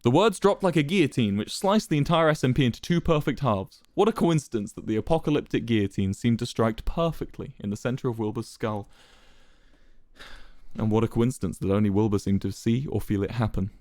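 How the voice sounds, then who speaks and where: A man streaming, reading a fan story aloud in an expressive, dramatic way. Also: medium pitch, a little fast, no room sound, studio quality.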